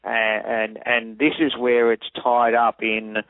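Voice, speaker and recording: A man's voice: mid-range voice, little pitch movement, takes it slowly, no room sound. A man, an acoustic engineer explaining technical details methodically in an interview. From Australia. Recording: tinny phone line.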